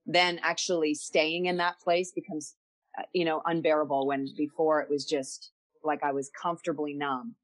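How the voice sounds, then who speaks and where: Low-ish lady guest on a podcast, thinking out loud, candid and reflective. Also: little pitch movement, normal speed. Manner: candid, searching, repeats words as she thinks. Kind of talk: reflective interview storytelling.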